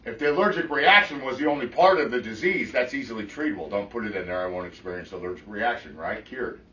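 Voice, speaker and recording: A middle-aged man speaks to a meeting room, blunt and full of swearing, tossing "right?" at his listeners. His voice is bright and forceful, while the room around him rings and he sounds set back from the mic. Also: mid-range voice, animated, quick pace. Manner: blunt and profane, often checks in with "right?". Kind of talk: personal testimony to a group. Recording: echoey room, mic from far off.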